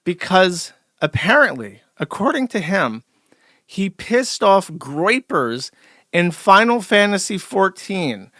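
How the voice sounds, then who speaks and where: A man's voice: sits high, very animated, takes it slowly, a bit bright, no echo, studio quality. A male host giving a rambling, sarcastic livestream commentary with frequent restarts.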